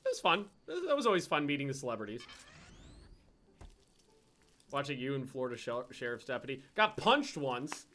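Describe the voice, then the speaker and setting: A man hosting a gaming video, telling rambling, profane anecdotes in a casual, animated way. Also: mid-range voice, fairly quick, pauses often. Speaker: gaming channel host. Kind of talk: casual storytelling over gameplay.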